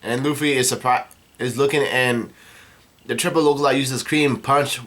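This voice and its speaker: A man casually recapping a comic chapter, halting with many fillers and restarts. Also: medium pitch, a bit bright.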